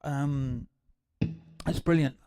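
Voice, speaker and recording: An older English man hosting a livestream, chatting in a rambling, excitable way with many restarts between songs. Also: medium pitch, extremely slow, clean tone, dry recording. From England. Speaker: livestream host and guitarist. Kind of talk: casual chat between songs. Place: home livestream. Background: acoustic guitar.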